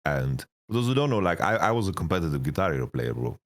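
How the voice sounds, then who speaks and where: A man in his thirties, a guest telling profane, rambling stories in a casual interview, his voice getting raspy. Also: low voice, big pitch swings, quick pace. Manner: rambling, profane, laughing storyteller. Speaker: esports coach, interview guest.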